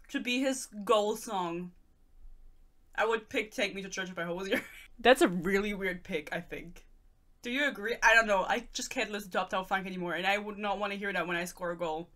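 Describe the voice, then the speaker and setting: A woman's voice: medium pitch, sharp tone. A young woman from Germany, ranting sarcastically in casual chat as she reviews a book. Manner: sarcastic, ranting, reads excerpts aloud. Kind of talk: casual rant.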